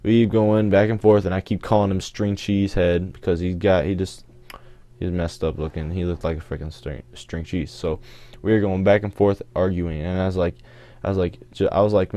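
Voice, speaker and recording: A man's voice: low-pitched, fairly even intonation, fairly quick, mellow. A teenage boy telling a rambling story over gameplay footage, often correcting himself as he goes. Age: teens. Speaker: gaming channel host.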